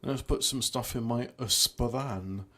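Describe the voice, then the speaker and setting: Over a video game, a streamer keeps poking fun at himself, rambling, trailing off and starting over again and again. He has a bright, forceful mid-range voice and an unhurried delivery.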